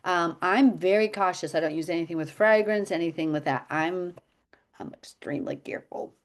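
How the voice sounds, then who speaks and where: A middle-aged woman speaking fairly quickly in a low-leaning voice teaches health habits during a casual video-call chat. Her style is talkative and story-driven, with frequent laughs.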